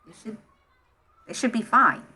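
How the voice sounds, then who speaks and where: A woman narrating as game master of a tabletop role-play, halting and full of fillers. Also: a little high, lively intonation, bright, forceful tone, husky.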